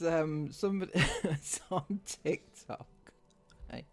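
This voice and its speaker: A man's voice: a little high, lively intonation, a little slow, faint music behind. A man doing sarcastic commentary on online clips, mocking and laughing at what he plays. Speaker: commentary YouTuber.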